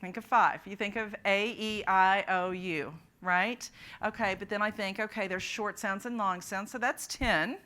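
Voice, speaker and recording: A woman's voice: medium pitch, measured pace, bright, forceful tone. A woman presenting a phonics workshop at a conference, quizzing her audience of teachers. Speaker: literacy presenter. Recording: conference talk in a hall.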